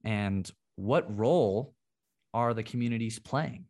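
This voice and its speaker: A man's voice: fairly low pitch, slow pace, darkish tone. Earnest young man hosting a podcast. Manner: earnest, thoughtful questioner. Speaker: podcast host, interviewer. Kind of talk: interview questions.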